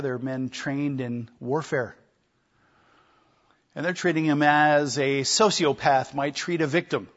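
A man delivers an emphatic sermon, driving points home with repetition and rhetorical questions. His voice sits a little high and carries a husky, breathy edge. The recording sounds dull and lo-fi. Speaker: preacher.

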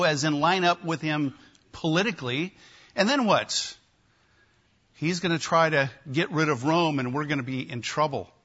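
A man preaching a sermon, emphatic and animated, with wry asides to his listeners. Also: a little high, lo-fi sound. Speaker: pastor.

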